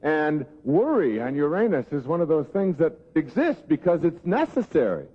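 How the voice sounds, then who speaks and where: Male speaker, lively pitch, jokey storytelling lecture, phone-thin recording in a long-echo hall. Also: moderate pace. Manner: storytelling, acts out quoted voices. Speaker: self-help speaker. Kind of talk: humorous lecture to a live audience. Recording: tinny phone-like sound in a big hall.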